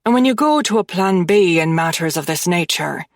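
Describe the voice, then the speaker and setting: A woman voicing a cold, dangerous mafia man who speaks calmly and conversationally, with quiet menace in an audiobook. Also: on the low side, moderate pace, no room sound, studio quality, voice pushed down. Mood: coldly persuasive. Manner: calm, conversational, quietly threatening.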